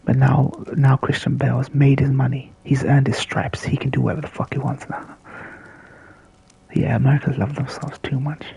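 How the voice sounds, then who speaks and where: A man talking through a video game on a livestream in loose, rambling asides. His voice is rough with gravel and very husky, and he often sinks to a near-whisper. He swears freely and stumbles through restarts as he goes. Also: mid-range voice, flat delivery, normal speed, dark tone, rough recording. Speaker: gameplay commentator. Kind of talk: casual livestream gameplay commentary.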